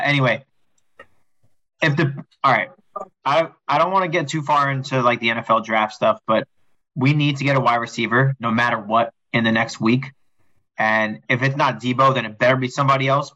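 A young man co-hosting a casual sports podcast, excitable and rambling, with some swearing. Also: mid-range voice, fairly quick, dull audio. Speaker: podcast co-host.

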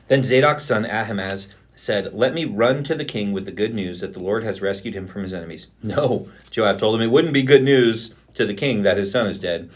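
A man's voice: on the low side, a little fast, hardly any pauses. A man, a pastor, reading scripture aloud, lifting his voice for the quoted speech.

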